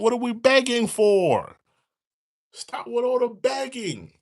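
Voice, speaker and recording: Animated high-voiced man ranting. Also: slow pace. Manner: animated, repetitive, rants and mock-sings. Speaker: commentary show host. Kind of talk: casual live-stream commentary.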